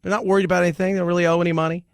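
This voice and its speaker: A man hosting a talk radio show, chatting in a joking, animated way and laughing often. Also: high voice, rapid-fire, clear, resonant tone, no room sound, studio quality. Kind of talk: casual talk radio monologue.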